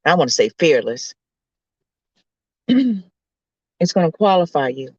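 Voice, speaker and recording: A woman host preaching as a self-described coach preacher, emphatic and hollering, her voice swinging high and low. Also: big pitch swings, a little slow, darkish tone, slightly rough, dry recording, highs cut off.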